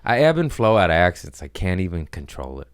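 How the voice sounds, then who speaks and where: A man in his thirties hosting a podcast, telling rambling, crude comedic stories and slipping into quick put-on voices. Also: low voice, very animated, smooth, dry recording. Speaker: podcast host. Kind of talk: casual comedic chat. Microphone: studio podcast mic. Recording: dry close studio sound.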